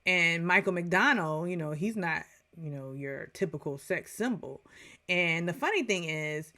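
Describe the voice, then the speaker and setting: A woman's voice: lowish voice, lively intonation, measured pace, bright, forceful tone. A woman in her forties giving a casual, chatty movie review, full of digressions and playful asides.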